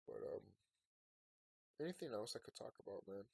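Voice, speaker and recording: A man's voice: on the low side, expressive, moderate pace, vocal fry, no echo, clean studio sound. Man ranting in a late-night vlog. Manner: rambling, swings from quiet and tired to loud and ranting. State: sleepy, yawning. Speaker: vlogger. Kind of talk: late-night emotional monologue to viewers.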